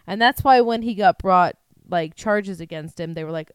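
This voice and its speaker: A woman's voice: on the low side, moderate pace, clear, resonant tone, no room sound, studio quality. A woman co-hosting a casual true-crime chat, telling the story in a profane, laughing way. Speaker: podcast co-host.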